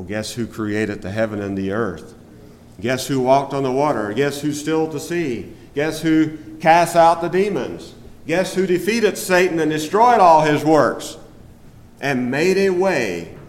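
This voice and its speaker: A man preaching a sermon in a fervent, repetitive cadence. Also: on the high side. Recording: echoey hall with long reverb.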